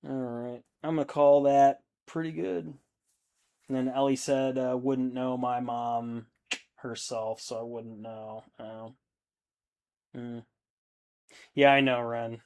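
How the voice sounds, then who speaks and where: A man's voice: mid-range voice, level tone, takes it slowly, long pauses, darkish tone, smooth. A man in his thirties hosting a hobby stream, chatting casually and reading out viewer comments, rambling and swearing freely. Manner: laid-back, rambling, swears a lot.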